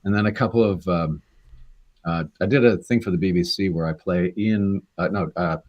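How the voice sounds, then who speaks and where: Deep-voiced man, Canadian, in his sixties, rambling anecdotes, casual interview. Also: moderate pace, a little mellow, dull audio. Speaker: actor guest.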